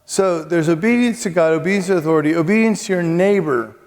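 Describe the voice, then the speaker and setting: A man's voice: high voice, expressive, fast, darkish tone, big-room sound. A man, a Catholic monk and priest, telling humorous, self-mocking stories at a retreat before a live audience. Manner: chatty, self-mocking, with asides and comic timing. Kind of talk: humorous storytelling retreat talk.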